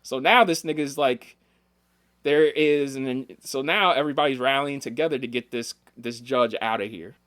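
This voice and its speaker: Co-hosting a laid-back podcast conversation, this man tells animated stories, swears freely, and performs the voices of the people he quotes. His pitch is medium and his pace normal, captured with studio quality and no echo.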